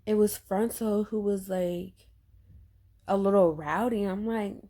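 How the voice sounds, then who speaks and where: Laid-back young woman telling a story, mellow voice. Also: mid-range voice, unhurried. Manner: chatty, animated retelling with acted-out quotes. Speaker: vlogger. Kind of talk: casual storytime.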